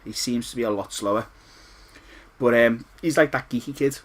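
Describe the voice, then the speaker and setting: A man's voice: medium pitch, moderate pace. A man with a Scouse accent, ranting and rambling through a retro game review, swearing freely and repeating himself. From Liverpool, England.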